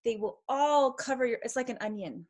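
Bright enthusiastic woman from the United States. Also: fairly high pitch, expressive, brisk. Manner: enthusiastic, warm-hearted, speaks directly to kids. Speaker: guest, mom and teacher. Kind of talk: casual interview chat.

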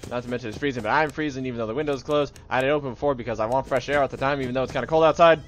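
A young man giving casual, joking let's-play commentary on a game, jumpy and yelling at it when startled. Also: mid-range voice, racing, faint music behind. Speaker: gaming video host.

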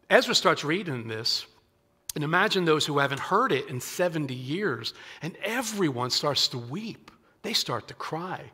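A male pastor gives a conversational sermon, often restarting phrases and slipping into the voices of scripture figures. His voice sits a little high and sounds bright and forward. The sound carries the long reverb of a church sanctuary. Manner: conversational preaching with frequent restarts and acted-out quotes.

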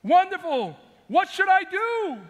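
A man voicing a panicked old man hanging from a cliff branch, calling out high and frantic. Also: huge pitch swings, slow pace, full character voice. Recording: long hall reverb.

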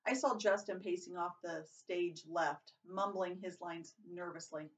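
A woman's voice: lowish voice, unhurried, far from the mic. Woman reading a novel aloud. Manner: plain reading with occasional stumbles and self-corrections. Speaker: reader.

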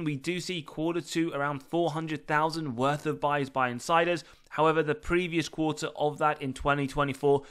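A man hosting a stock analysis channel, talking through the figures in a steady, methodical way with formal phrasing, recorded as a close voice-over. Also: on the high side, clean tone.

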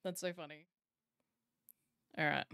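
A woman's voice: low voice, fairly even intonation, a little slow, gravelly, bright, forceful tone, clean tone, no room sound, studio quality. A woman streamer hosting her live stream in casual chat, talking straight to her viewers and laughing often. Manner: giggly, chatty, addresses chat directly. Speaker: streamer host.

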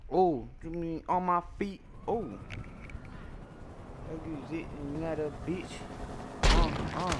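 A young man giving playful, excitable gameplay commentary, trash-talking and swinging from sudden shouts to low mutters. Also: takes it slowly, pauses often. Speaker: gaming YouTuber. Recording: loud game sounds behind the voice. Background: video game noise and vehicle sounds.

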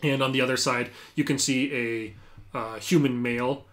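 A man's voice: medium pitch, fairly even intonation, moderate pace, a bit bright. A man narrating a tabletop role-playing game as game master, talking casually with lots of fillers.

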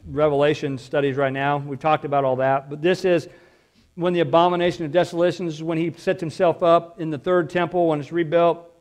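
A man's voice: on the high side, flat delivery, a little fast, a little mellow. A male pastor preaching a sermon in a conversational, emphatic way, throwing out rhetorical questions.

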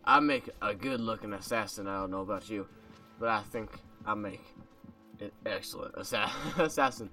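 A man's voice: fairly low pitch, moderate pace, bright, forceful tone, recorded from a distance, soft background music. A man casually commentating his gameplay, joking with viewers in a made-up accent he puts on. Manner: playful, joking, talks to viewers. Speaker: gaming video creator. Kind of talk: casual let's-play commentary. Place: home room.

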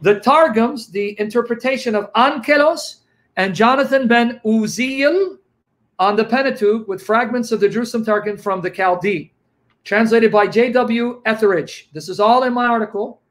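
A man speaking as a guest apologist on a livestream, teaching emphatically and slowing down to repeat key phrases. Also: extremely high pitch, a bit bright.

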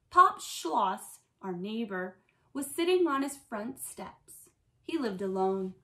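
A woman's voice: medium pitch, fairly bright tone. A woman teacher reading a picture book aloud to children, telling the story expressively.

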